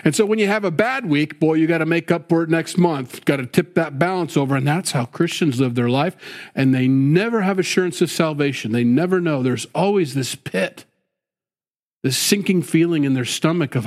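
A man's voice: mid-range voice, a little fast. A middle-aged man preaching a sermon in a folksy, conversational way, dropping "you know" and "boy" as he goes. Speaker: pastor.

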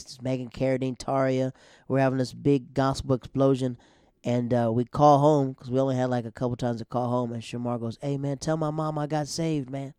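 A man in his thirties telling a personal story in a loose, rambling way, full of slang fillers, dropping his voice to a hush for quoted lines. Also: mid-range voice, clean tone, dry recording, clean studio sound.

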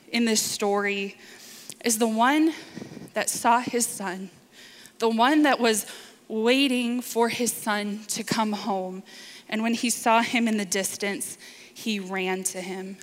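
A woman preacher delivering a sermon in earnest, deliberate short phrases. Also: on the high side. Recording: reverberant hall.

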